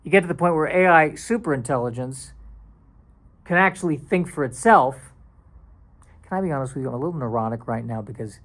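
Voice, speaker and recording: A man's voice: a little high, lively intonation, fairly quick, pauses often, a bit bright. A man hosting a solo comedy podcast. He rambles in a self-deprecating way, restarts his sentences and now and then drops into silly put-on voices. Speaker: podcast host.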